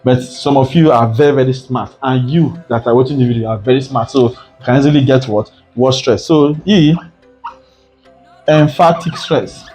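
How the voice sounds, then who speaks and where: A man's voice: medium pitch, moderate pace, darkish tone, faint music behind. A man teaching an exam prep lesson, often repeating points and asking rhetorical "what?" questions. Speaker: tutor.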